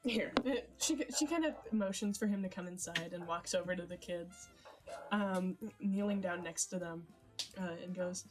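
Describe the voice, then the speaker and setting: A woman's voice: on the low side, normal speed, darkish tone. A young woman narrating a tabletop fantasy game as game master, hesitant with many fillers and frequent giggles. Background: background music.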